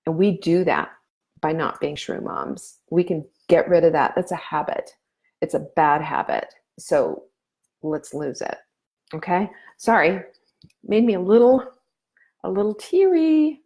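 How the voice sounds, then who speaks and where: A middle-aged woman hosting a casual live stream, giving earnest, motherly advice with frequent fillers. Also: sits low. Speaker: nutrition coach host.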